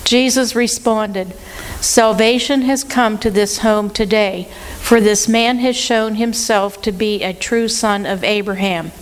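A woman with a mid-pitched voice reads scripture aloud. Her delivery is steady and even, passage by passage. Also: measured pace, rough recording. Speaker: scripture reader.

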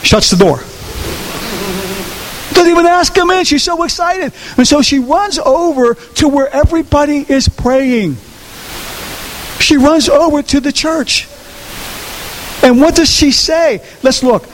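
A male pastor delivers a sermon with a high voice. He repeats phrases for emphasis and keeps asking his listeners questions. His voice echoes around a large hall over a faint hiss. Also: unhurried, long pauses. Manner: animated, repetitive, asks the audience questions.

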